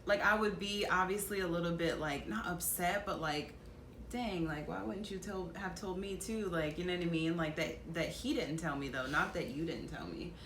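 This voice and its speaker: A woman's voice: fairly low pitch, normal speed, fairly bright tone, a little hiss or hum. A woman co-hosting a casual vlog, speaking earnestly and hesitantly with restarts. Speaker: vlogger, co-host. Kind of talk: casual chat. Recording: echoey room.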